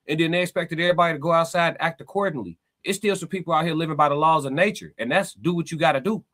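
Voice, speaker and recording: A man hosting a casual livestream, reading chat comments aloud and pushing back in emphatic, slangy, animated talk. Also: a little high. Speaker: podcast host reading live chat.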